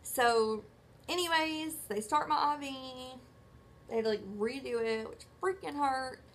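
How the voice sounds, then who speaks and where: A woman's voice: sits high, unhurried, fairly bright tone, a little hiss or hum. A woman vlogger telling a personal story in casual, rambling chat, correcting herself often. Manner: chatty, rambling storyteller who acts out quoted dialogue; self-correcting, filler-heavy.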